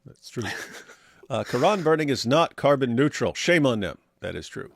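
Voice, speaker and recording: A man's voice: mid-range voice, moderate pace, gravelly, dry recording, clean studio sound. A man co-hosting a casual livestream, reading viewer comments aloud and answering them with sarcastic jokes. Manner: sarcastic, animated, joking. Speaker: co-host reading viewer chat.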